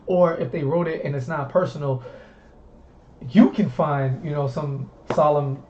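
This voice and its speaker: A man's voice: a little high, measured pace. A man from the southern US hosting a casual talk stream, rambling easily and repeating words as he goes. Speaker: host. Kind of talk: casual chat. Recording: muffled stream audio with faint hiss.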